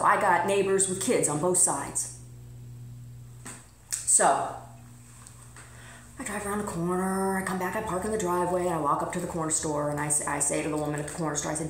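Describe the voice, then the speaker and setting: Speaking casually to camera, a woman vlogger tells a personal story bluntly and emphatically, swearing freely. She talks fast in a fairly low, fairly bright voice. The audio has a roomy echo and slight background noise.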